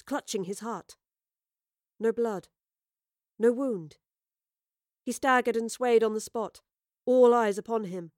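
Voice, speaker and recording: A woman narrating a dramatic audio story in a measured, storytelling voice. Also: on the high side, no echo, clean studio sound.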